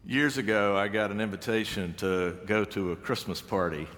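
A man's voice: fairly low pitch, moderate pace, fairly bright tone. Wry male preacher in a reverberant hall. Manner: wry storytelling, acts out quoted voices. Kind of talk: sermon. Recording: long reverb of a large hall.

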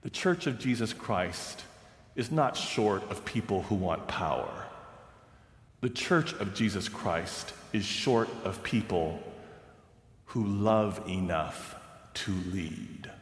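A man's voice: fairly low pitch, echoey room, big-room sound, voice pushed down, natural voice. A man playing a grave old churchman. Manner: slow, grave, measured. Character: very old stern male church official.

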